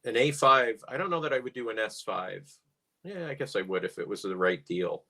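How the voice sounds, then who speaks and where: A man's voice: lowish voice, lively intonation, brisk, sharp tone. A middle-aged man co-hosting a casual car chat, musing with dry humor. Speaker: podcast co-host.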